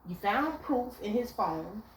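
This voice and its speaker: Taking it slowly at a medium pitch, a young woman delivers blunt relationship advice on her casual vlog through animated, profane storytelling. A little hiss or hum sits under the echoey room's faint ambience.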